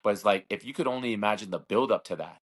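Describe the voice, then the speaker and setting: A man's voice: on the low side, fast talker. A man in his thirties telling a long story in a casual interview, rambling, repeating words and acting out what others said. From Hawaii. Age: 30s. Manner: rambling, repeats words, acts out quoted voices. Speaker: interview guest, slap fighter.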